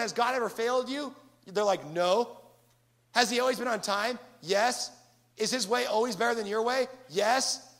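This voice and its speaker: Male pastor, high voice with gravel, animated sermon delivery. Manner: animated preaching with acted-out asides.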